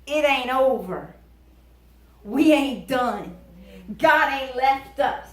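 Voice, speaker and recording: A high-pitched woman delivers a lively sermon, emphatic and folksy, slipping into joking asides. She is recorded in a roomy church from some distance, with echo all around her voice. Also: slow, pauses often. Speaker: preacher. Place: church sanctuary. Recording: echoey church from far off.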